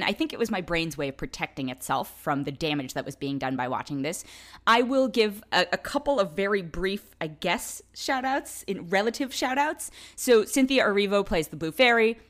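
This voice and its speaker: A woman's voice: fairly low pitch, a bit bright. A woman giving a casual spoken film review, candid and exasperated.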